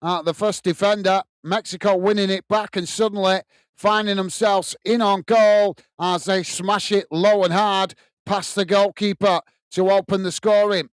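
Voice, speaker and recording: A man's voice: high-pitched, steady tone, moderate pace, clean tone, no room sound. British man hosting a live match watch-along. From United Kingdom. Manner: friendly, reads viewer comments aloud and greets them. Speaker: host of a football watch-along. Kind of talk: live match commentary and reading chat messages.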